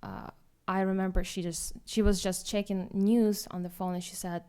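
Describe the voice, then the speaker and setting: A young woman with a Ukrainian accent tells her own story at a forum, halting and self-deprecating, with many restarts. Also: medium pitch, level tone, mellow, smooth. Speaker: guest speaker, student.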